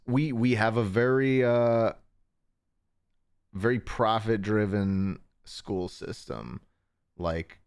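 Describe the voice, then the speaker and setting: Young male streamer, lowish voice, loose rambling chat with frequent chuckles, recorded at home. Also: clean tone, no room sound, clean studio sound. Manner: rambling, chuckling, self-interrupting. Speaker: livestream host. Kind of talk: casual livestream chat.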